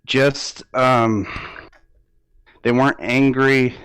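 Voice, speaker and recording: A man recounting a dream in an interview, halting and hesitant with many restarts, close to tears at times. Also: medium pitch, fairly even intonation, fairly bright tone, clear, resonant tone, dry recording. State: near tears, emotional. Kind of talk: emotional interview recollection.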